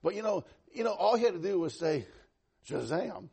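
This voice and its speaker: A pastor delivering a sermon in a high, husky man's voice. He is animated and conversational, swinging from loud, raised passages to quiet ones and slipping in self-deprecating humor. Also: quick pace.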